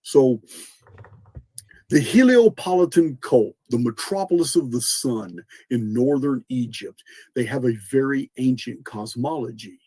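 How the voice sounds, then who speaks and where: Podcast host, male, mellow husky lecturer, earnest, dry close sound, slight cough. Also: medium pitch, normal speed, dry recording. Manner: earnest explainer, repeats and restarts words, spells out names. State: coughing, clearing throat. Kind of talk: lecturing monologue.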